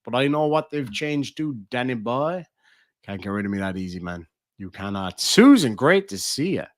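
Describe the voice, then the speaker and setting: A man's voice: medium pitch, expressive, moderate pace, dry recording, studio quality. Chatty Cork Irishman swearing freely. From Ireland. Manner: chatty and swears freely while reading chat aloud. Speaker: livestream host. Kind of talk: casual livestream chat.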